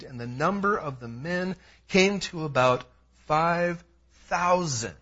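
A man in his thirties preaching an expository sermon, emphatic and animated, with personal asides. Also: on the high side, takes it slowly. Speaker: pastor. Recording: dull lo-fi sound.

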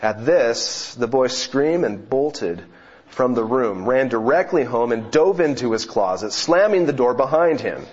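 A man's voice: medium pitch, animated, a little slow, a little mellow, husky. A man preaching a sermon, telling a joke as a story before turning to scripture, with occasional self-corrections. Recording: dull, lo-fi recording.

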